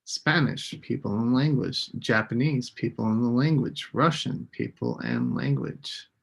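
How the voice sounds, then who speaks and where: Slow, gravelly-voiced English teacher. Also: male voice, medium pitch, background noise. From United States. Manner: slow, deliberate, repeats words for students. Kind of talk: live-streamed English lesson.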